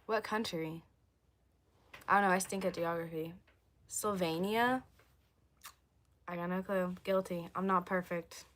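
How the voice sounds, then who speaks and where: A woman's voice: on the low side, fairly even intonation, measured pace, pauses often, fairly bright tone. Chatty young woman losing her voice. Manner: chatty, rambling, reads and answers viewer comments. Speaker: livestreamer. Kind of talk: casual livestream chat.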